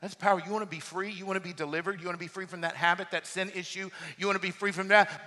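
A man preaching a sermon, animated and emphatic, reading scripture and building to loud exhortation. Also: sits high, fast talker, hardly any pauses, in a large hall. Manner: animated preaching, rising to near-shouts. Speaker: pastor.

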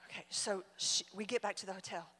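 A woman in her forties preaching as a guest speaker, telling a personal story. She swings from soft asides to loud exclamations. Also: medium pitch, quick pace, noisy background. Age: 40s. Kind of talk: sermon with storytelling. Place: church auditorium. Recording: long hall reverb.

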